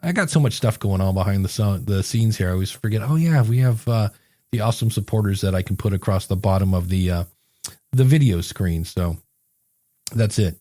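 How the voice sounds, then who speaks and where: This podcast co-host and coach has a lowish, dark-toned voice with lively intonation and a fairly quick delivery. He rambles through stories, imitating the people in them, amid casual chat and sponsor reads. The recording is dry and studio-clean.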